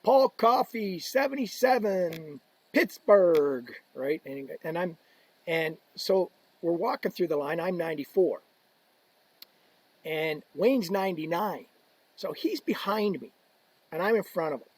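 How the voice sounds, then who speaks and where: Husky man telling animated stories. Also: on the high side, unhurried, long pauses, no room sound. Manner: animated anecdote telling, acts out quotes, laughs, swears. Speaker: podcast guest, equipment ambassador. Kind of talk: casual storytelling.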